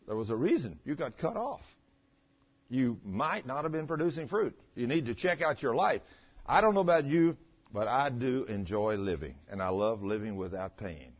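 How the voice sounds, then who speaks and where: An older man preaching a sermon in a folksy, animated way, telling a personal story and laughing along the way. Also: mid-range voice. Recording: dull lo-fi sound.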